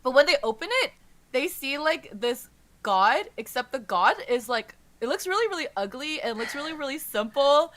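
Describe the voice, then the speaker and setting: A woman podcast host casually retelling a story's plot in a rambling, animated way, saying "like" all the time. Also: high-pitched, normal speed, no room sound. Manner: rambling and animated, says "like" constantly.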